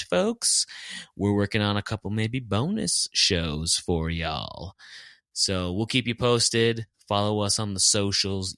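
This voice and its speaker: A man's voice: lowish voice, bright, forceful tone, clean tone, no echo, clean studio sound. A man co-hosting a podcast, chatting casually and enthusiastically in a rambling way. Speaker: podcast co-host.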